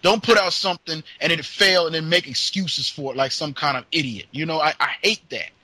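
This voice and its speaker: A man with a very bright, slightly high voice chats loosely on a gaming podcast. He talks excitedly, stumbling and restarting his sentences. The sound is dry and close. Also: brisk, no room sound, low-quality recording. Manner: excitable, stammering restarts, laughs often. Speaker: podcast co-host. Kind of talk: casual gaming podcast chat.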